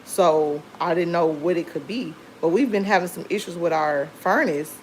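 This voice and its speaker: Woman livestreamer, lower pitch, rambling casual storyteller, faint hiss behind. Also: moderate pace, rough recording. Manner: chatty, rambling storytelling with many fillers. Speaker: livestream host. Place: home.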